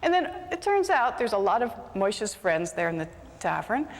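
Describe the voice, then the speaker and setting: A woman telling a folk tale aloud with animated, dramatic delivery, shifting into character voices. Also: medium pitch, normal speed, in a large hall. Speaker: storyteller. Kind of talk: live oral storytelling.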